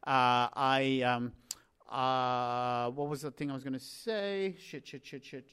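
A man's voice: medium pitch, steady tone, slow pace, fairly bright tone, clear, resonant tone. A man, co-hosting a casual podcast, rambling and cracking jokes. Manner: rambling, jokey, swears casually. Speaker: podcast co-host. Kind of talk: casual chat.

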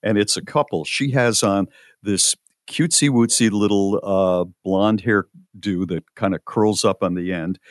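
A man's voice: lowish voice, measured pace, no room sound, clean studio sound. A man hosting a casual talk show, incredulous and sardonic. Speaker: podcast host. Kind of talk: casual chat.

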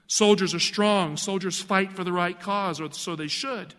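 Male preacher, high-pitched, earnest and emphatic, sermon in a reverberant hall. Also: unhurried, pushed and bright.

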